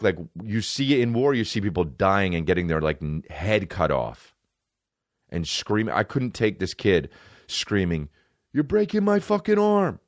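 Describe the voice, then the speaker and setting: A man's voice: low voice, no room sound, studio quality. Man ranting with heavy swearing. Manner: heated, swearing, emphatic repetition. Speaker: podcast host and comedian. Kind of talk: profane ranting monologue.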